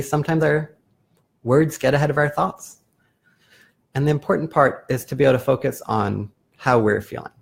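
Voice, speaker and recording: A man hosting a live video as a therapist, explaining calmly in a casual, self-correcting way. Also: mid-range voice, vocal fry. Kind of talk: casual live-stream talk.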